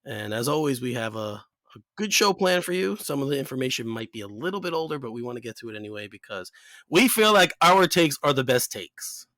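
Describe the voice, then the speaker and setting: A man's voice: medium pitch, lively intonation, brisk, sharp tone, no room sound, studio quality. A man co-hosting a casual podcast, laid-back and rambling, laughing often. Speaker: podcast co-host.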